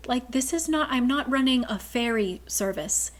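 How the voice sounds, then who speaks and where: A woman's voice: a little high, expressive, normal speed, natural voice. A woman voicing an imperious, cold female ocean queen in a casual book recap. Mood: haughty.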